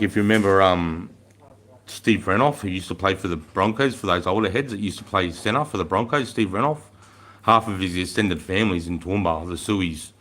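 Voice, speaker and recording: Blunt, deep-voiced Australian man. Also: a bit bright. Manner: blunt, swears freely, matey slang. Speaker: livestream host. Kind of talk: casual chat with viewers.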